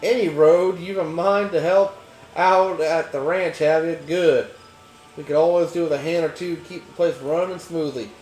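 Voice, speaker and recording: Brief: man playing a homespun Texan wrangler, slow drawl, slightly raised pitch, echoey room. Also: fairly even intonation, darkish tone, natural voice. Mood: folksy. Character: folksy friendly male ranch wrangler. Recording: echoey room, game music behind.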